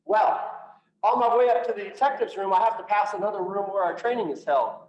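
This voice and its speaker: A man, a police officer, telling his personal story to an audience in an earnest way, slowing down for emphasis and acting out what others said. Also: high voice. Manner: earnest storytelling with quoted dialogue, slows for emphasis. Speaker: police officer and speaker on PTSD. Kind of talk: personal testimony talk to an audience. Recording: roomy echo from a distance, dull lo-fi sound.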